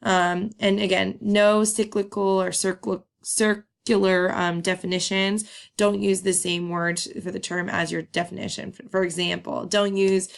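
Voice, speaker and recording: Upbeat woman teacher recording a video lesson; a little gravelly, casual and chatty. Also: fairly low pitch, level tone, measured pace. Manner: chatty, upbeat, laughs and says um often.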